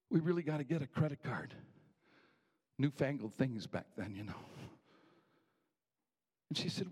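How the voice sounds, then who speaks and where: A man telling a personal story from his boyhood in a folksy, unhurried way, with small restarts. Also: medium pitch, animated, darkish tone, slightly rough.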